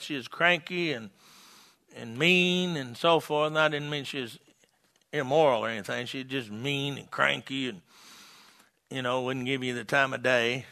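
A man preaching an evangelistic sermon, fiery and folksy, shouting at the peaks and dropping low and quiet to tell stories. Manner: folksy, humorous.

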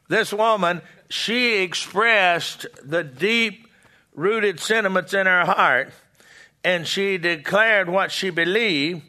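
Slow, bright-voiced male preacher. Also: sits high. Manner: slow, halting, with many restarts and fillers. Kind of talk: Bible teaching sermon.

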